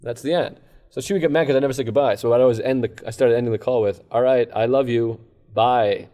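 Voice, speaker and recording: A man's voice: mid-range voice, very fast, warm tone. A man who is a comedian, talking as a guest on a podcast in a casual, rambling, self-deprecating way. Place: comedy club.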